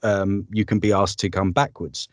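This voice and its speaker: Male voice-over artist; lower voice, dry close sound, chatty and upbeat. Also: little pitch movement, moderate pace, no echo. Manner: chatty, upbeat, with frequent ums and laughs. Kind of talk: casual interview conversation.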